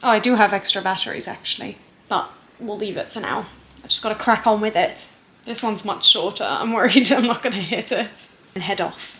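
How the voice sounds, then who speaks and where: A woman's voice: mid-range voice, fairly quick, fairly bright tone, reverberant. Chatty woman thinking aloud. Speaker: vlogger. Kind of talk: casual chat to camera. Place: at home.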